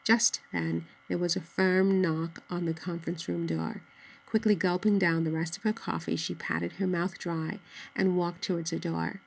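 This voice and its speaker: A woman narrating a novel in a steady, measured audiobook reading. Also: on the low side, gravelly, poor audio.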